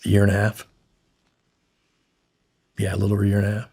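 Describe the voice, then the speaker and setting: A man's voice: on the low side, completely flat delivery, fast talker, vocal fry, a little mellow, husky. A man guest in an interview, blunt and profane, intensely retelling a frightening story.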